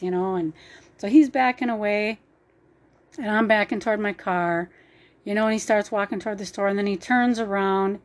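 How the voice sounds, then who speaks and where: Earnest woman telling a testimony. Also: medium pitch. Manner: earnest, emotional storytelling with fillers. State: choked up at times. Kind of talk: personal faith testimony.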